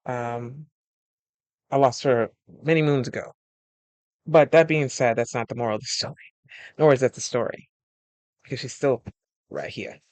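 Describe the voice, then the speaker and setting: At a normal speed with long pauses, a man in the mid-range talks as a life coach giving casual friendship advice, with no room sound in the recording. He spins animated stories, performing his friends' quoted words and laughing often.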